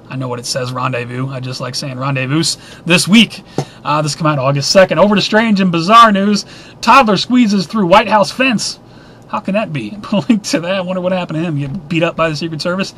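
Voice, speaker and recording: A man's voice: a little high, a bit bright, slight background noise. A middle-aged man hosting a casual weekly news roundup, reading headlines and adding sarcastic, opinionated asides. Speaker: news briefing host.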